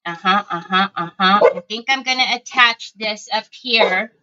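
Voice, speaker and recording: Bright, clear-voiced woman hosting a craft stream. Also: medium pitch, normal speed, dull audio, soft background music. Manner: chatty, answers viewers' comments and thinks aloud. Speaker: craft livestream host. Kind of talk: casual livestream chat while crafting.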